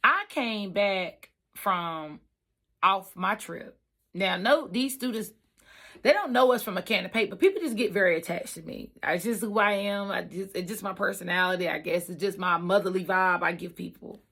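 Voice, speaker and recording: Animated bright-voiced woman telling a story. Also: medium pitch, normal speed, gravelly. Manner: animated, emphatic, repeats lines for effect. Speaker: trucker and trucking school staff. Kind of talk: casual storytelling vlog.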